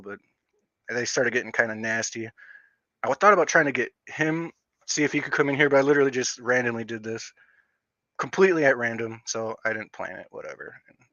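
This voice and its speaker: A man rants casually on a livestream in a bright, forceful voice, with a slight stutter that catches on some words. He rambles and restarts often as he talks. The sound is dull and lo-fi, with a dry, close feel. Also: medium pitch, dry recording. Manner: rambling, with frequent fillers and restarts. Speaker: livestream host.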